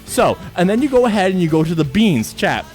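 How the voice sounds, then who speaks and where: A young man chatting with his livestream chat, excitable, swearing freely and repeating himself at home. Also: high-pitched, fairly quick, soft background music. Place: home streaming setup.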